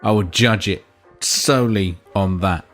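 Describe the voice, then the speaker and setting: A man with a low voice trades quick quips and teasing asides in loose podcast chat. Faint music sits quietly in the background. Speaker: podcast co-host and editor. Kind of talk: casual chat.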